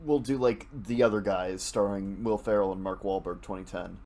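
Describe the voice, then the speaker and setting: A man's voice: lowish voice, steady tone, moderate pace, a loud crowd. A man co-hosting a podcast in casual chat, joking in a dry, offhand way. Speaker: podcast co-host.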